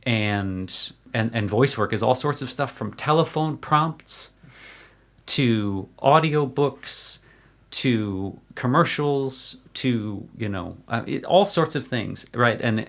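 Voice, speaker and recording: A man's voice: mid-range voice, expressive, measured pace, vocal fry, a bit bright. An American man, a guest actor, talking earnestly in a casual interview and often restarting his sentences. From United States.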